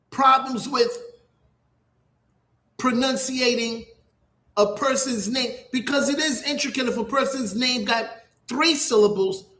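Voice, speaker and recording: A man's voice: very high-pitched, sharp tone. A middle-aged man hosting a radio talk show, rambling in a profane, repetitive way. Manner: rambling, profane, repeats himself. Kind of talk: casual rambling monologue. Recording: echoey room.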